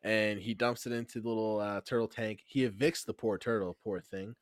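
A man's voice: fairly low pitch, steady tone, fairly quick, dry recording. Dry-sounding male podcast co-host. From New Jersey. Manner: teasing, recaps scenes at length. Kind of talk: casual TV recap chat.

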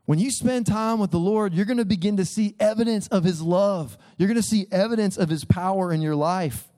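A man's voice: sits high, brisk, warm tone. Earnest man preaching a conversational sermon. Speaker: pastor. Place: church sanctuary.

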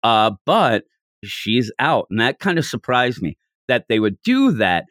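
A man talks through a casual podcast discussion in an animated, rambling way, his pitch often leaping up when he quotes someone. He sits at middle pitch with a dry, close sound and no room behind him. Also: a little slow, no echo. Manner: animated, jumps into high-pitched quoted voices; rambling, with restarts. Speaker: podcast co-host.

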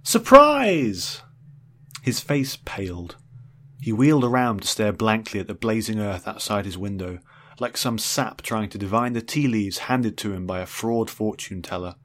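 A man narrating a first-person story in a wry, dry, understated way. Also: lowish voice.

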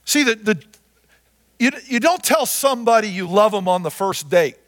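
A man preaching a sermon as pastor, repeating phrases and swinging from loud to soft. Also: high-pitched, expressive, normal speed. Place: church sanctuary. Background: guitar music.

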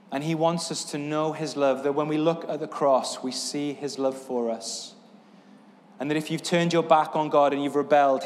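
A man's voice: a little high, long reverb tail, a little hiss or hum. A man preaching a sermon as pastor, earnest, with a repetitive, building cadence. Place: church sanctuary.

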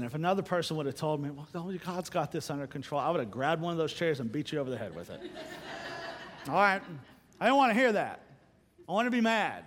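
Animated man preaching in a reverberant hall. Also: on the high side. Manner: storytelling, animated, acts out quoted dialogue. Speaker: speaker giving a church message. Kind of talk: sermon with personal story.

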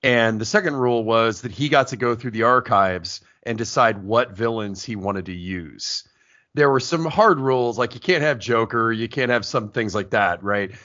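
A man's voice: medium pitch, normal speed. A middle-aged man hosting a casual movie talk podcast. He tells long, talkative stories. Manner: talkative, animated storyteller. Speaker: podcast host. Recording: dull lo-fi sound.

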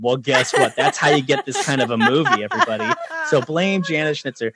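Animated man in his forties telling stories. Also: on the high side, brisk, hardly any pauses, a crowd in the background. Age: 40s. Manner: animated storyteller, acts out quotes, laughs often. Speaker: guest filmmaker. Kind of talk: casual podcast chat.

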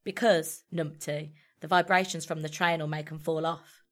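A bossy teenage boy barking instructions at his mates, as a woman narrator reads him. The voice sits on the lower side, commanding and emphatic, in a storybook reading. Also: little pitch movement, moderate pace, a bit bright.

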